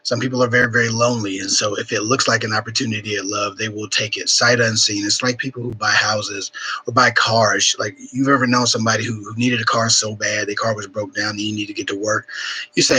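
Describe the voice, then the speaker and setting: A man hosting a live Q&A, giving frank dating advice in casual chat, swearing freely and filling pauses with ums, sniffling a bit, streaming from home. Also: fairly low pitch, steady tone, pushed and bright, breathy edge, rough recording. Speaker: relationship advice livestream host.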